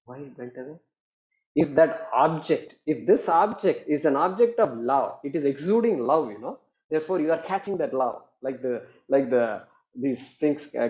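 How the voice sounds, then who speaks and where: A man teaching a class on scripture, talking in an animated way with many repetitions and acted-out quoted voices. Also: medium pitch, highs cut off.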